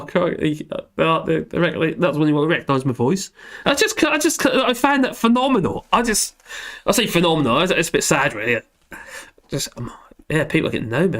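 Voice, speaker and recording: A hoarse man rambling and joking through a casual livestream chat, reading out comments. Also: on the high side, fairly bright tone. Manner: rambling, self-deprecating, laughs often. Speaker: livestream host.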